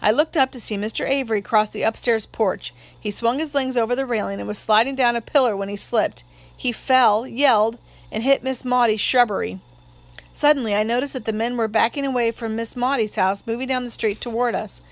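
A woman narrating an audiobook in a measured, steady storytelling voice. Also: on the high side, dry recording.

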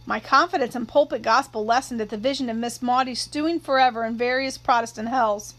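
A woman reads a novel aloud in a steady, even storytelling manner. Her voice sits high for a woman. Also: fairly quick, hardly any pauses, low-quality recording. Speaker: narrator. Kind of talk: audiobook narration.

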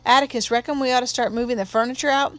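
An anxious young boy, as a woman narrator puts him on, talking in an urgent, high-pitched voice. He frets but tries to steady his little sister. It is read as part of an audiobook. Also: rapid-fire, natural voice. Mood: alarmed. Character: worried young boy, protective older brother. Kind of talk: audiobook reading.

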